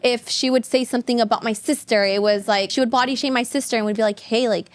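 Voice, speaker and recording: A woman's voice: on the high side, fairly even intonation, quick pace, dry recording. A young woman in her twenties, a podcast guest telling personal stories in casual chat, full of "like" and acted-out quotes. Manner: chatty, heavy use of "like", acts out quotes.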